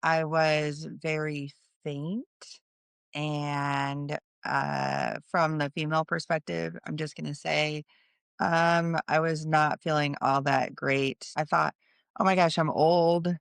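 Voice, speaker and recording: A woman's voice: sits low, flat delivery, takes it slowly, vocal fry, a bit bright, clear, resonant tone, no echo. A middle-aged woman hosting a podcast, earnestly telling a personal story in a conversational way and explaining things as she goes. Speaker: podcast host.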